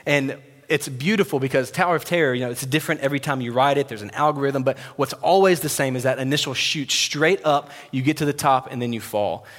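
A man's voice: medium pitch, fast. A young man preaching a sermon, telling stories and dropping to a near whisper when he voices God's words. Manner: storytelling, drops to a hush for God's words. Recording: long reverb of a large hall.

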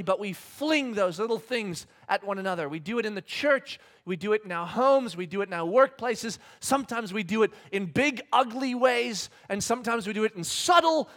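A man in his thirties delivers a sermon with a high voice, mixing personal stories with scripture. He acts out the scenes he describes and jokes at his own expense. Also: moderate pace, hardly any pauses. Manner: animated storyteller, acts out scenes, self-deprecating humor. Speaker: pastor. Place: church hall with congregation.

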